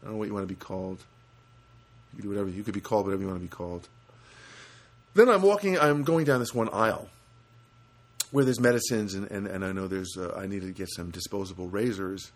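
A man telling a rambling comic anecdote, stopping for asides and jumping up in pitch to mimic other people and sounds. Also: fast talker, pauses often. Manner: animated, jumps to high pitch for quoted voices and honk sounds; rambling with frequent restarts and asides. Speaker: comedic storyteller.

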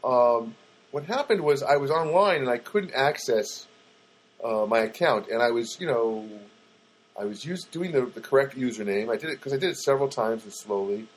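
A man's voice: medium pitch, normal speed, low-quality recording. A man hosting a rambling comedic monologue, full of fillers and sarcastic asides. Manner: rambling, lots of fillers and self-corrections, sarcastic.

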